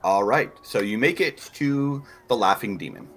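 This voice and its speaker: A man narrating as game master in a relaxed, filler-heavy manner. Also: on the low side, moderate pace.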